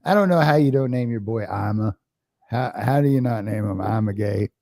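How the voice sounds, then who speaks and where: A man's voice: on the low side, a little fast, vocal fry, dark tone, dry recording, studio quality. A man co-hosting a sports podcast, chatting casually and joking. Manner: joking, laughs often. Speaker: podcast co-host. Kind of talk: casual chat.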